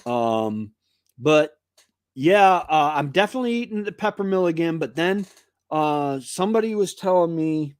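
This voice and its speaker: Chatty male live-streamer, lively pitch. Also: no room sound, clean studio sound. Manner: rambling and chatty, greets viewers by name. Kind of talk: casual live stream chat with viewers.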